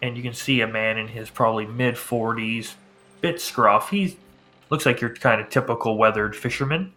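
A man running a tabletop game, calmly describing scenes to the players. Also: mid-range voice, moderate pace, low-quality recording. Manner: calm descriptive narration. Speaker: game master.

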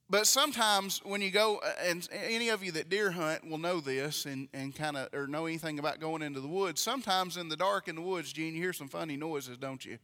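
A man's voice: high-pitched, sharp tone, big-room sound. A man preaching a folksy sermon to his congregation, reading scripture and telling jokes. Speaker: pastor. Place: church sanctuary.

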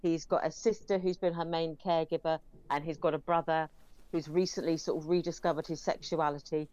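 A woman's voice: low-pitched, fairly even intonation, brisk, mellow, lo-fi sound. A woman reviewing films in casual, rambling chat, with many fillers. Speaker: film reviewer.

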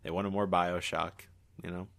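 A man's voice: low voice, little pitch movement, moderate pace, gravelly, a bit bright. A man giving brief, agreeable remarks on a casual gaming podcast.

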